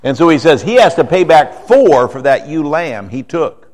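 A man preaching a sermon in a conversational way, often checking in with the room and moving between quiet explanation and emphatic points. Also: a little high, very animated, normal speed. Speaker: pastor.

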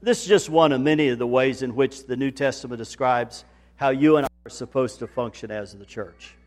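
A man preaching a sermon in a folksy manner, building to loud, emphatic repetition. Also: mid-range voice, brisk. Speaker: pastor.

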